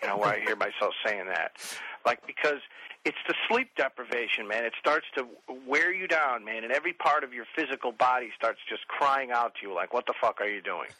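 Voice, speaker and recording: A man, telling profane, animated stories as a podcast guest and mimicking other people. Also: mid-range voice, brisk, slightly rough, no echo, rough recording. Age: 40s. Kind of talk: casual chat.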